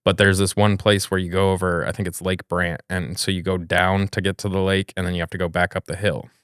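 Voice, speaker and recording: A man's voice: deep voice, level tone, a little fast, fairly bright tone, clear, resonant tone, dry recording, studio quality. A man from New York co-hosting a podcast, talking in a casual, blunt, ranting way and swearing freely. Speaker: podcast co-host. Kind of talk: casual chat.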